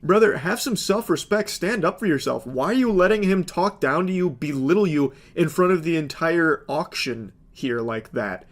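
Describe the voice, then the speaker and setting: A man's voice: fairly high pitch, lively intonation, moderate pace, few pauses. A man giving sarcastic, incredulous comedic commentary on video clips.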